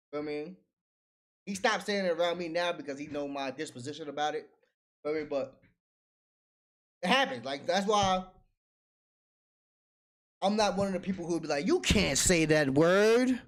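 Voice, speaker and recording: A man's voice: fairly high pitch, a bit bright. A man hosting a casual livestream, talking in slang, reading chat aloud and laughing often.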